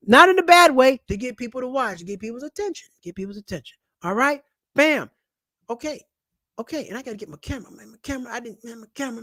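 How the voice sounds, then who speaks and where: A high, bright-voiced man rants loudly and playfully to his camera, tossing out money tips with slang and jokes. His voice is forceful and sharp. The recording is dry and close, with no room echo. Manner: loud, animated, slangy and joking. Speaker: channel host and comedian. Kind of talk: casual personal finance vlog rant. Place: at home, seated in a chair. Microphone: camera mic.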